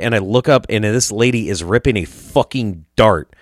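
A young man from Iowa hosts a podcast and tells a wild story full of swearing. His voice sits on the low side and he keeps it lively, jumping into the voices of the people he quotes. The sound is close and dry, with no room echo. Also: moderate pace. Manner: profane, animated, acts out quoted voices. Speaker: podcast host telling a story. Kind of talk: casual storytelling.

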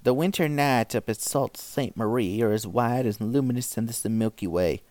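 Man reading old stories aloud, measured. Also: medium pitch, no echo. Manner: measured, even narration. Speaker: story reader.

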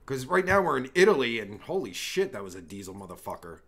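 A crude, foul-mouthed male streamer with a gravelly, fry-laden voice. His pitch swings widely as he mocks and rambles through a livestream commentary. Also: big pitch swings, fast talker, fairly bright tone. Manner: crude, profane, rambling and mocking. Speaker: livestream host.

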